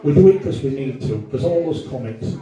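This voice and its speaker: A man's voice: medium pitch, animated, brisk, mellow. A man doing a crude, rambling, self-mocking stand-up set in a comedy club. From Wolverhampton. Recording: echoey room, far from mic.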